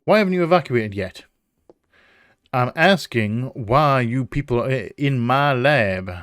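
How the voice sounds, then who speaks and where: A man putting on a gruff Southern professor. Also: mid-range voice, lively intonation, unhurried, a bit bright, no echo, clean studio sound. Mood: indignant. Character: gruff older male scientist, indignant and suspicious.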